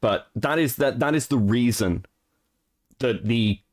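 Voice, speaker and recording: A man's voice: mid-range voice, measured pace. A man co-hosting a live stream, chatting casually, swearing and laughing, often restarting his sentences. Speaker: stream co-host.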